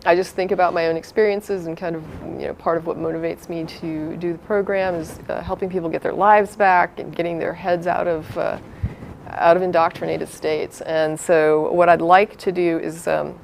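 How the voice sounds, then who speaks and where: A woman's voice: on the low side, flat delivery, normal speed, creaky, a little hiss or hum. A woman co-hosting a live call-in TV show in a studio, explaining her views in an earnest, reflective way. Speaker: co-host. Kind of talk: casual commentary.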